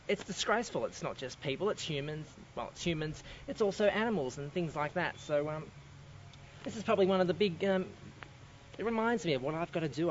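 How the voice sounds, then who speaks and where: A high-sitting male voice with a little background noise. In a mockumentary comedy, an Australian-accented man plays a self-important male drama teacher who rambles through many restarts, captured as dull lo-fi audio in an echoing room with faint music.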